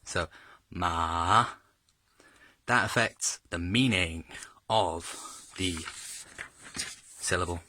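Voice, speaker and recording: A man giving a casual, jokey video lesson as a self-taught learner, stretching his pitch up and down to demonstrate tones. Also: slow, long pauses, sharp tone. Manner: chatty and jokey, exaggerates tones when demonstrating.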